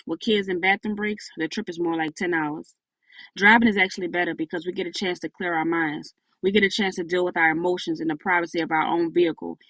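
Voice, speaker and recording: A woman's voice: fairly low pitch, a bit bright, dry recording. A woman reading a first-person audiobook aloud, voicing every character herself. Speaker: audiobook narrator.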